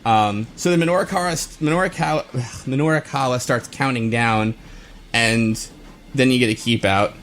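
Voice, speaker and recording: A man's voice: medium pitch, moderate pace, fairly bright tone, slight background noise. A man co-hosting a podcast, giving a casual, rambling recap from his notes with many fillers and chuckles. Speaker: podcast co-host.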